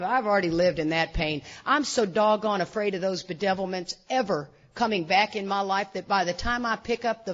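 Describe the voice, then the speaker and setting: Middle-aged woman, AA speaker, lively self-deprecating storyteller, mid-range voice, muffled lo-fi audio. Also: medium pitch. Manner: animated storyteller, self-mocking, frequent asides. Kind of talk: humorous recovery talk to a meeting. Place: meeting room with audience. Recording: dull lo-fi recording.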